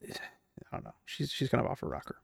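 A man's voice: fast, dry recording, clean studio sound. A man casually recapping a fantasy novel, chatty and opinionated, acting out characters' lines as he goes. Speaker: book recap commentator.

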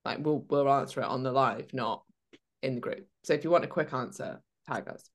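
A woman with a notably low voice, co-hosting a podcast as a fitness coach. She chats casually and gives practical, down-to-earth advice in a relaxed, conversational way. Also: fairly quick.

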